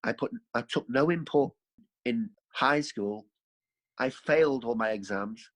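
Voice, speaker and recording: A man's voice: medium pitch, measured pace, poor audio. A man, a podcast guest, telling his life story in a rambling, earthy way, correcting himself as he goes. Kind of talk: candid storytelling.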